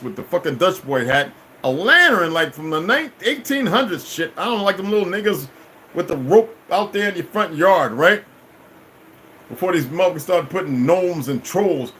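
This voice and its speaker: A man's voice: fairly high pitch, a bit bright, a little hiss or hum, poor audio. A middle-aged man telling a long personal story as a vlogger, in a rambling, profane, emphatic way. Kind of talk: casual storytelling monologue.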